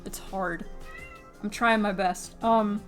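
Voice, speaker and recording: A woman's voice: medium pitch, fairly even intonation, slow, soft background music. Chatty, swearing woman streaming her art. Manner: chatty, scattered, swears freely and laughs. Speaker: streaming artist. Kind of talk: casual live-stream chat.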